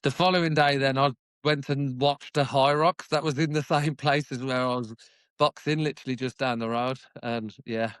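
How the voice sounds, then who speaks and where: A British man in his forties, from the UK, tells his story as a podcast guest in a casual interview, chatty and self-deprecating, laughing often. His medium-pitched voice is smooth and fairly bright, with fairly even intonation, a normal speed, and no room sound.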